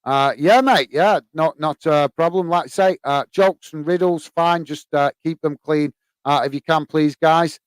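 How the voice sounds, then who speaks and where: Male livestream host, slightly high voice, smooth and clear, close and dry sound, easygoing chatter. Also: unhurried, no room sound. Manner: relaxed, chatty, many fillers, calls listeners mate. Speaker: host of a football fan channel. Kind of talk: casual live-stream chat reading viewer comments.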